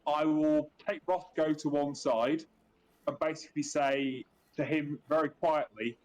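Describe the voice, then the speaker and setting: A man's voice: on the high side, fairly even intonation, measured pace, a little mellow, poor audio. An Australian man playing his character in a tabletop game over an online call, polite with stammering restarts. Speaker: player. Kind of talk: tabletop role-play.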